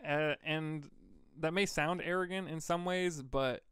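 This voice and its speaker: A man from Vermont co-hosting a podcast, telling stories in a rambling, relaxed way with lots of fillers. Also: fairly high pitch, measured pace, smooth, dry recording, studio quality. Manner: rambling, laid-back storyteller with fillers. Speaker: podcast co-host. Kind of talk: casual storytelling chat.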